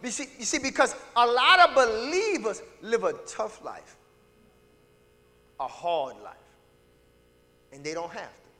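A man delivers a sermon in a high, bright voice that swoops up and down. He presses his points emphatically, checking in with the congregation again and again. His words ring out with a long reverb from the sanctuary. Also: lively intonation, measured pace, long pauses. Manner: emphatic, checks in with "All right?"; calls out to the congregation. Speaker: pastor. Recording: reverberant hall.

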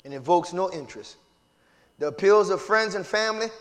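A pastor with a notably high-pitched voice, preaching in a call-and-response style. He drops to low murmurs and builds to ringing shouts as he calls on the congregation to answer. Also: lively intonation, fairly quick. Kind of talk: sermon.

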